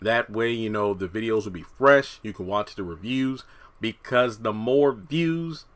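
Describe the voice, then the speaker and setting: A man's voice: on the low side, a little slow. A man giving casual, rambling commentary as a TV review YouTuber, slightly out of breath in a hot room with the fans switched off. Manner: rambling, conversational, many fillers.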